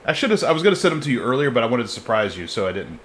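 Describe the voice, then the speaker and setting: A man's voice: mid-range voice, very animated, very fast, slight background noise. A man hosting a live history podcast in a casual, joking way, often laughing between points. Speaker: podcast host presenting the topic.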